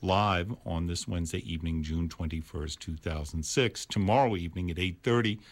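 Man, New York accent, very deep voice, radio host, chatty interjections. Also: a little fast. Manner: interjecting, announcer-style info. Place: radio studio.

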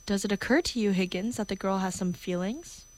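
A woman reading the part of a good-humored gentleman, mildly remonstrating. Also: medium pitch, brisk, natural voice. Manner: mild, remonstrating.

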